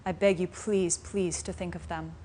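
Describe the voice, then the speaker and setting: A woman voicing a compassionate male deer leader in a fable, speaking softly and pleadingly. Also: on the low side, steady tone, normal speed, lightly acted. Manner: soft, pleading, heartfelt. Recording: faint room noise in a live class.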